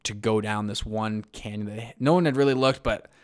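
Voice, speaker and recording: A man telling a story in a casual interview, lively, with lots of fillers and restarts and acted-out quotes. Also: on the low side, normal speed. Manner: animated, many fillers and restarts, acts out quotes. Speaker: guest recounting a search-and-rescue story.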